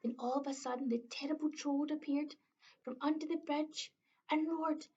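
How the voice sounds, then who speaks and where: A woman with a Scottish accent reading a children's story aloud, expressive, slow and clear. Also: sits high. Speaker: early years storyteller. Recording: dull lo-fi recording.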